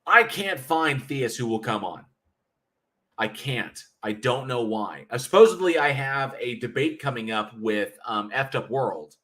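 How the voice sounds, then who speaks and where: A man's voice: medium pitch, expressive, unhurried, pushed and bright. Casual, profane man streaming chat. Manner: rambling, profane, chuckling as he reads chat. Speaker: livestream host. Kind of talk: casual livestream chat reading viewer comments.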